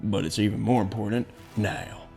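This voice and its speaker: A man's voice: lowish voice, flat delivery, moderate pace, gravelly, a little mellow, faint music behind. A man voicing a stern businessman in a put-on Southern accent, lecturing in a preachy, commanding way. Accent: attempted American Southern.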